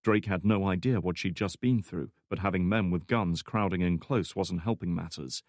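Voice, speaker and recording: A man narrating a thriller audiobook in a measured, even storytelling manner. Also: deep voice, dry recording, studio quality. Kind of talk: scripted narration.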